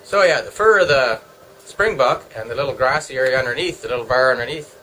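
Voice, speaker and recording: Bright-voiced man rambling casually. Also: mid-range voice, fast, a little hiss or hum, poor audio. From Canada. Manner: joking, meandering, talks to himself. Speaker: vlogger. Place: home.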